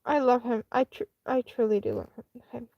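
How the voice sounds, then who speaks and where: A woman chats on a live stream in a slightly higher voice, rambling through a personal story with plenty of fillers and restarts. The sound is close and dry, with no room echo. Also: fairly even intonation, quick pace, creaky, muffled recording. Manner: chatty and candid.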